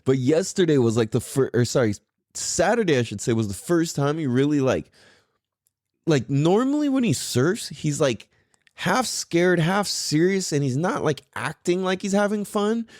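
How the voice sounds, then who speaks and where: A man's voice: fairly high pitch, animated, normal speed, darkish tone, dry recording, clean studio sound. A young man hosting a podcast in a casual monologue, full of surfer slang, swearing and "like" and "dude". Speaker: podcast host.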